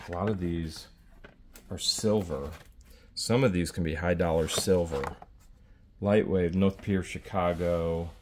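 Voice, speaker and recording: A man with a lowish voice narrates a treasure hunt, keeps exclaiming in wonder at each find. He talks slowly and drawls his reactions. A constant hiss sits under the recording. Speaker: treasure hunting vlogger. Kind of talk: casual unboxing commentary.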